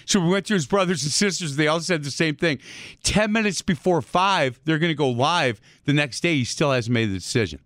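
Chatty male radio host, slightly high voice. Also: animated, a little fast, fairly bright tone, no echo, clean studio sound. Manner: rambling storyteller with many fillers and restarts. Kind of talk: casual radio chat.

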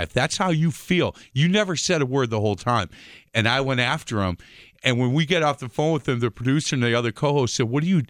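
A man's voice: fairly bright tone, no room sound, studio quality. A man co-hosting a radio show, chatting casually and acting out the people in his stories. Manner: acts out quoted voices with rising pitch. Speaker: radio co-host. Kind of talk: casual radio chat, animated storytelling.

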